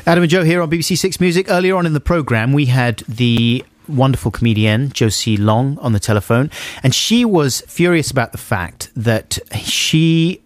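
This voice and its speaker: A man's voice: mid-range voice, moderate pace, hardly any pauses, dry recording. A man co-hosting a radio show, chatting casually and joking in a studio. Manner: jokey, chatty. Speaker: radio host.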